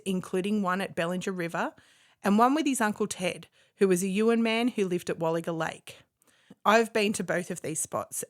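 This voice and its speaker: A woman, the host, reading a reflective, earnest narration. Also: mid-range voice. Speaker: podcast host. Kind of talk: scripted narration.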